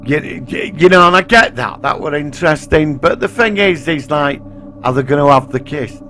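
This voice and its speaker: A man co-hosts a casual podcast, talking bluntly and swearing freely. His voice sits a little high for a man. He gives his views straight out, with no polish. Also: normal speed, sharp tone, slight background noise. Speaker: podcast co-host. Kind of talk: casual chat.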